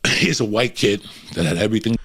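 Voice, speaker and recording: A man's voice: on the low side, fast, a bit bright, breathy edge. A man from Cuba telling rambling, profane stories on a podcast.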